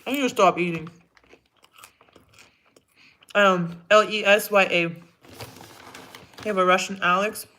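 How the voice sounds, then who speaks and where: A woman hosts a laid-back livestream from home, answering her viewers' comments one after another. Her voice is bright and forward, and her talk is chatty and scattered, with easy laughs and half-finished asides. A faint hiss sits under the audio. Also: medium pitch, fairly even intonation, a little slow, pauses often. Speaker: livestream host.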